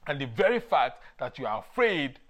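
A man's voice: medium pitch, very animated, normal speed, a bit bright. A man preaching a sermon, telling personal stories, laughing often and raising his voice for emphasis.

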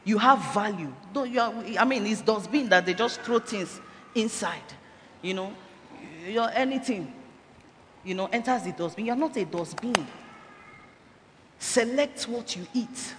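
A woman's voice: medium pitch, animated, unhurried, a bit bright. Woman preaching about health in a church, pushy rhetorical questions, long hall echo with faint noise behind. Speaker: church speaker. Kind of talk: health talk in a sermon.

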